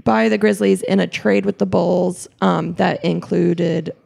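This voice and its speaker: Giggly young woman with a gravelly edge. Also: on the low side, fairly even intonation, measured pace, darkish tone. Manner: chatty, giggly, many fillers and restarts. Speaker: podcast co-host. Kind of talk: casual chat recapping a basketball game.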